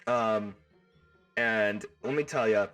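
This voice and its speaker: A man hosting a livestream, chatting casually with his viewers in an excitable, rambling way and riffing on the same joke over and over, his voice stuffed up and hoarse. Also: fairly low pitch, takes it slowly, far from the mic, soft background music. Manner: excitable, rambling, riffs and repeats himself. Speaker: livestream host. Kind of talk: casual chat with live viewers.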